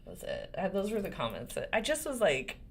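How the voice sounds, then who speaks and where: A woman in her forties hosts her own channel as a lawyer and speaks casually to the camera. Her voice is lively and rises and falls a great deal, and she moves from firm legal points to laughing asides. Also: medium pitch, a little fast, gravelly, breathy edge. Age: 40s. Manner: animated and expressive, swinging between serious points and laughter.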